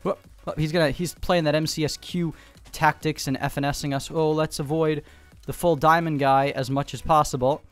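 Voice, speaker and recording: A man giving fast, excitable gameplay commentary from home, repeating short calls in quick bursts. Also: fairly high pitch, faint music behind. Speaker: gaming YouTuber. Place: home room.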